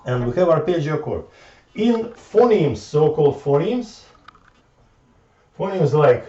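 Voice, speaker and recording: Far off in an echoey room, captured on a dull, lo-fi recording, a man gives an informal lecture, thinking aloud at the board. His fairly high, mellow voice is animated, yet he halts often and circles back, repeating words as he works through ideas.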